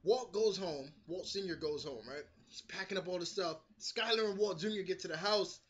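A man giving a casual, animated review of a TV episode, swearing freely and acting out the characters' lines. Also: high voice, moderate pace, breathy edge, highs cut off. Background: street construction noise.

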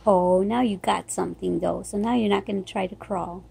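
A woman's voice: medium pitch, steady tone, normal speed, vocal fry, mellow, husky. A middle-aged woman vlogger talking baby talk to an infant at home, cooing and sing-song, recorded on a phone. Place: home, indoors.

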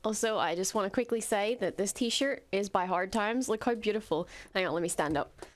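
A young woman streamer reacting to an episode, talking quietly and gushing with excitement, with plenty of swearing. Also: mid-range voice, fairly quick. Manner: hushed, gushing and swearing freely.

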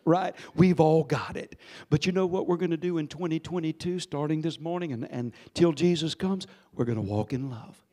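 A pastor in his sixties preaching a sermon, telling a story with sudden swings between hushed and loud delivery and calling on the congregation to respond. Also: a little high, moderate pace. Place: church sanctuary.

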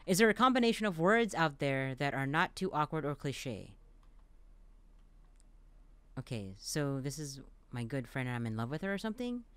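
A man playing a dialogue-heavy game, reading the lines aloud and reacting between them with quick, playful asides. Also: on the high side, very animated, a bit bright, smooth, no room sound. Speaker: let's play gamer.

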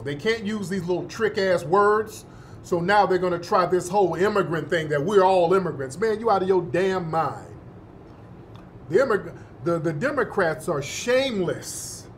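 Man, host, fired-up commentary, curses a lot, repeats himself, higher voice, faint background hiss. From United States, born in the North, raised in the South. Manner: indignant, profane, repeats phrases for emphasis. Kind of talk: heated commentary.

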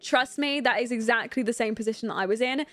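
A woman's voice: a little high, a bit bright, dry recording. Chatty young woman streamer, dry close mic. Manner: rambling and candid, lots of fillers, quick to laugh. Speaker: game streamer. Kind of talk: casual live-stream chat while playing.

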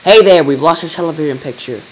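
A man voicing a childish, boastful president who talks loud and excitable in a storybook reading. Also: on the high side, moderate pace, slight background noise, natural voice, low-quality recording.

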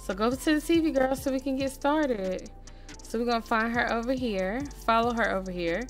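A woman's voice: fairly high pitch, moderate pace, faint music behind. Chatty woman narrating her game. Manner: chatty, talks straight to viewers, swings from murmuring to excited squeals. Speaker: gaming channel host. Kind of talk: casual let's-play commentary.

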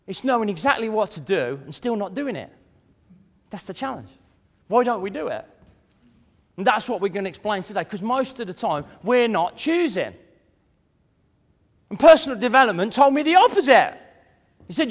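Animated man speaking in a hall. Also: high-pitched, fairly quick, long pauses. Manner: animated, conversational, mimics imagined voices. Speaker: motivational speaker. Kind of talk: live seminar talk to an audience. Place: large room before an audience. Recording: echoey hall.

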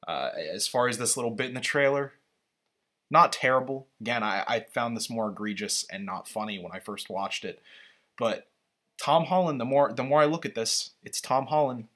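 Bright-voiced man reacting to a trailer. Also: medium pitch. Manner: rambling, halting, opinionated. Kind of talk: casual reaction commentary.

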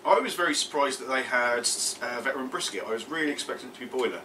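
A man's voice: medium pitch, fast, pushed and bright. A man playing a tabletop game, chatting casually and joking while he thinks aloud. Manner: jokey, thinking aloud with fillers. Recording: distant mic, noisy room.

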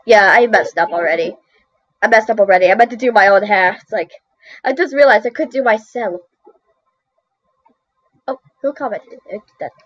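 With a mid-range, slightly rough voice and no echo, a woman talks at a moderate pace, pausing often, as she draws for her video. Her commentary is chatty and exclamatory, and she mocks her own errors. The sound is dull and dry, from a computer mic running through a screen recorder.

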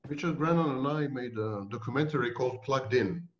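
A man's voice: mid-range voice, a little fast. A man answering interview questions as an expert, lecturing emphatically and stacking lists of near-synonyms. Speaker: interview guest, narcissism expert. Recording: dull lo-fi audio.

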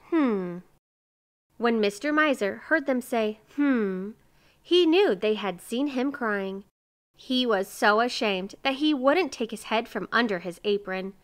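A woman reading a children's picture book aloud with gentle, expressive storytelling. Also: on the high side.

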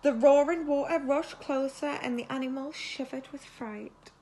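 A teacher reading a children's story aloud expressively, now and then turning to ask the children questions. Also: female voice, high-pitched, moderate pace, mellow, a little hiss or hum.

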